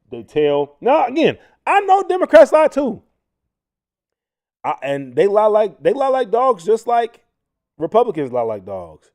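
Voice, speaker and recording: A man hosting a casual commentary livestream who talks to viewers directly and often restarts his sentences. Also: mid-range voice. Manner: animated, frequent restarts, addresses viewers as y'all. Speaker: livestream host.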